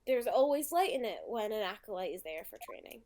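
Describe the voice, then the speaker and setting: A woman's voice: mid-range voice, sing-song, brisk, a little mellow, a little hiss or hum, lightly acted. A woman voicing a flustered young female witness in a game, hesitant and full of ums. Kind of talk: reading game dialogue aloud.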